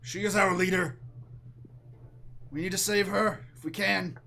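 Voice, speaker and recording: A man's voice: high-pitched, fairly even intonation, unhurried, gravelly, pushed and bright, heavily acted. A man voicing an earnest male ally who urges the party to save their leader. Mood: urgent.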